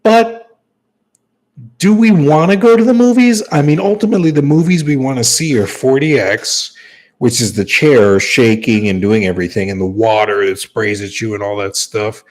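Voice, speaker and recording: Male streamer, casual off-the-cuff rambling, keeps circling back, average pitch. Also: normal speed. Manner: rambling, repeats and restarts phrases. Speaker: livestreamer. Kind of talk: rambling casual livestream chat.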